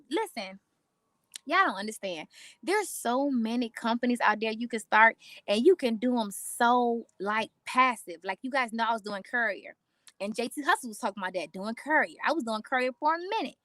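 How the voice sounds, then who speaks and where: A woman talking straight to her viewers, animated and preachy, repeating lines for emphasis and calling them y'all and honey. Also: a little high, moderate pace, no echo, studio quality. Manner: casual slang, calls listeners y'all and honey. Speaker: host. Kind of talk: casual motivational talk to viewers.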